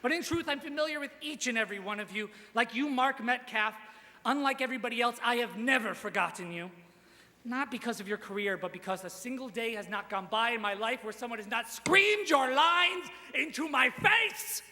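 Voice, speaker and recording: Speaking a little fast into a stage mic in a large hall, a young man with a very high, bright voice delivers a crude, self-deprecating stand-up roast set, his punchlines rising into shouts. The live recording leaves a long reverb tail on his voice, with faint ambience behind it.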